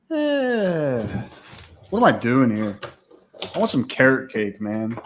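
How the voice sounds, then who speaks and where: A man's voice: medium pitch, wildly swooping pitch, slow pace, long pauses, slight background noise. A man hosting a livestream, ranting casually with crude, profane mockery. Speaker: livestream host.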